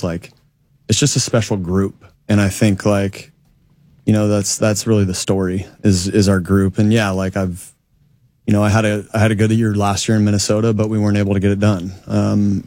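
A man, a football player, answering questions modestly with halting restarts. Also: on the low side, a little mellow, dry recording. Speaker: football quarterback in interview clip. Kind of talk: press conference answers.

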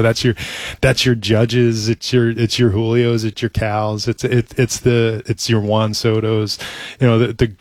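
A middle-aged baseball team executive speaks in a casual interview with a lowish voice, earnest and halting, restarting often and saying "you know" a lot. The recording is dry.

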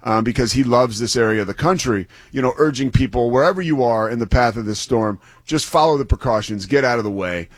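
A man's voice: mid-range voice, no echo, clean studio sound. Enthusiastic man breaking down football. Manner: enthusiastic, rambling with restarts. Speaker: sports broadcaster and guest analyst. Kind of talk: casual sports talk.

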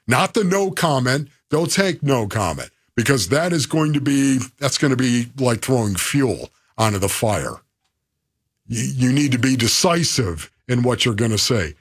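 A man's voice: medium pitch, animated, normal speed, breathy edge, no room sound, clean studio sound. A man co-hosting sports talk radio, emphatic and repetitive in a preacher-like way.

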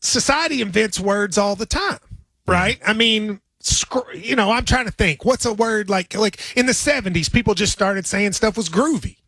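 A man from Appalachia, explaining folksy sayings in casual chat with quick laughs. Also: high voice, bright, forceful tone, no echo.

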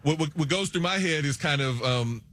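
A man's voice: a little high, moderate pace, a bit bright. A man talking sports casually, rambling with many restarts.

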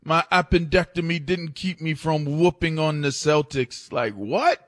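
A man's voice: fairly high pitch, a little slow, fairly bright tone, dry recording, clean studio sound, voice pushed up. A man doing an impression of a brash, boastful male basketball star, talking with swagger.

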